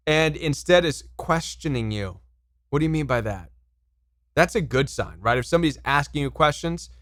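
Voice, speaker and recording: A man with a slightly high, fairly bright voice coaches viewers on relationships, speaking directly to camera. He's emphatic, repeats words, and asks viewers questions. The sound is clean studio audio with no echo.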